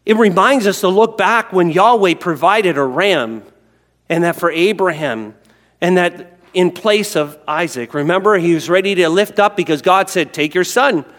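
A pastor preaching to his congregation, his voice sitting a little high for a man. He swings from loud, animated bursts to hushed storytelling. The sound carries a long reverb from a large hall. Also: moderate pace. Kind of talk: sermon.

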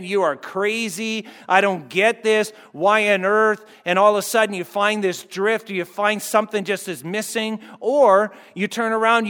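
Man, pastor preaching, high voice, loud fervent peaks, hushed soft passages, reverberant church hall. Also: clear, resonant tone. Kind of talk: sermon.

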